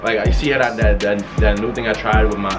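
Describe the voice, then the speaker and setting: A young man telling a casual storytime vlog, excited and rambling, restarting his sentences often. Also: lowish voice, brisk, over loud music. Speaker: vlogger. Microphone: wearing a mask while talking.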